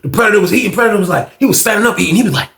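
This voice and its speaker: A man casually telling a story, profane and animated, acting out voices and sound effects, in a roomy-sounding recording. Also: high voice, very fast, creaky. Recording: roomy echo.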